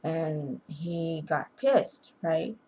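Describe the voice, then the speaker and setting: A woman's voice: low-pitched, extremely slow, warm tone, poor audio. A woman casually retelling a movie plot in a rambling way, with restarts and chuckles. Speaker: movie reviewer.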